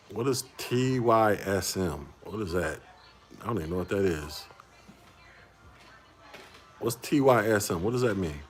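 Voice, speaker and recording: A man's voice: on the low side, expressive, slow pace, long pauses, soft background music. A man in his forties, a livestream host, chatting casually with viewers in a laid-back way and laughing often. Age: 40s.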